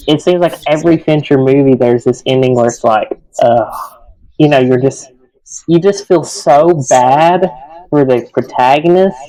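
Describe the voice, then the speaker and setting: A man's voice: a little high, warm tone, poor audio. Conversational male podcast host. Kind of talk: casual film discussion.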